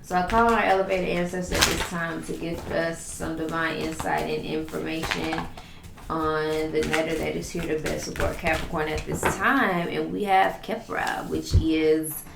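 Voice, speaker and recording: Gravelly-voiced woman giving a tarot reading. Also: sits low, little pitch movement, unhurried, echoey room, background noise. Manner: flowing, repetitive, affirming delivery with many list phrases. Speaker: tarot reader.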